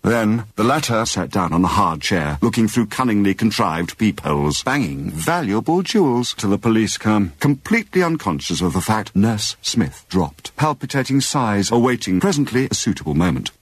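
A husky, low-voiced man narrates a comic spoof of a mystery reading in a mock-dramatic tone, rambling and tripping over his words. His delivery leaps up and down in pitch, and the recording is close and dry. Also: sing-song, moderate pace, few pauses, dry recording.

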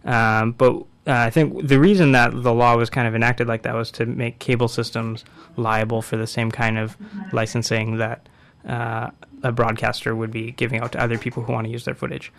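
A man in casual discussion, explaining a court case in a measured way with frequent fillers. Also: medium pitch, flat delivery, gravelly.

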